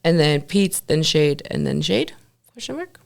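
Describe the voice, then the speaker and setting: A young woman joins a podcast as a guest and tells her stories with lively energy. Her talk is loose and casual, full of swearing. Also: low-pitched, unhurried, vocal fry. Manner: animated storyteller, profane. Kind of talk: casual chat.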